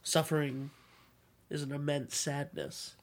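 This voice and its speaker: A man in a casual chat, adding slow, deliberate comments. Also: a little high, flat delivery.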